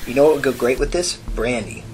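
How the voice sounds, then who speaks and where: A man's voice: mid-range voice, lively intonation, quick pace, a little mellow, faint music behind, close to an everyday voice. A man voicing a playful young gay runaway who jokes with a put-on drawl. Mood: joking.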